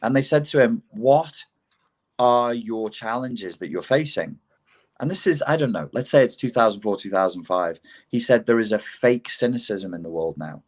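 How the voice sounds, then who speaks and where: A man with a low voice talks through a casual podcast chat. He swears freely and builds from measured points to indignant outbursts, his voice jumping up when he gets worked up. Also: animated. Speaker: podcast co-host.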